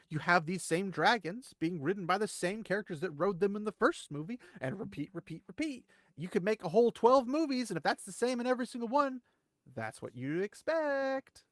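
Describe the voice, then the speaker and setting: Animated man with dry, close sound. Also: dry recording. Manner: animated, rambling, with wide pitch jumps for emphasis. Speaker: channel host. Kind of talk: casual commentary.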